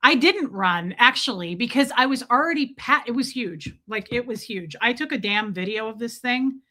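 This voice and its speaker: A woman's voice: fairly high pitch, lively intonation, normal speed, sharp tone. A woman live streamer chatting casually and telling rambling, candid stories with casual swearing.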